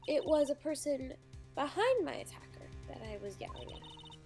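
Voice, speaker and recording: A woman's voice: high-pitched, big pitch swings, moderate pace, warm tone, soft background music, voice pushed up. A woman voicing a flustered young female witness in a game, hesitant and full of ums. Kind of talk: reading game dialogue aloud.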